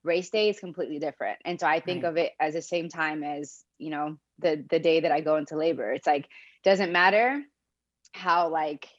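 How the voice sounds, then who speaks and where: Young woman on a podcast, kinda low voice, thoughtful, laughs a lot, muffled audio. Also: steady tone, moderate pace. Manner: reflective, laughs often. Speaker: podcast guest. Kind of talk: casual interview talk.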